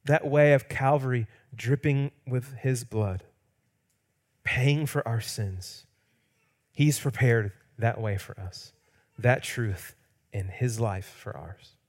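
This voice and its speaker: Slowly and in a medium-pitched voice, a male pastor preaches, swinging from loud, emphatic peaks to hushed, quiet lines. He sometimes acts out quoted words playfully.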